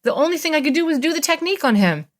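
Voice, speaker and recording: A middle-aged woman, a therapist, telling stories as a guest in an interview in a lively, expressive way. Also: sits high, racing. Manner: animated, expressive storyteller. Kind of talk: interview storytelling.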